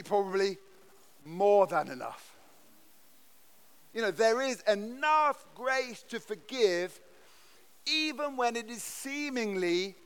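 A man's voice: sits high, smooth. A man preaching a sermon in a church, earnest and emphatic, often restarting his words. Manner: earnest, emphatic delivery with frequent stammered restarts. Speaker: pastor.

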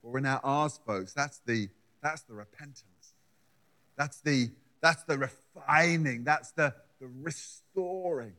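A man's voice: mid-range voice, takes it slowly, pushed and bright. A man preaching a sermon, building his points with emphatic repeated words. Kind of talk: sermon with scripture reading.

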